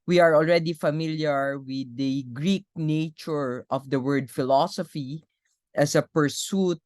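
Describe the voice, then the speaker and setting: Slow, low-voiced woman lecturing. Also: a little mellow, no room sound, clean studio sound. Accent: Filipino. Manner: measured, reads quotations aloud with fillers. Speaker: philosophy lecturer. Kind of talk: recorded university lecture.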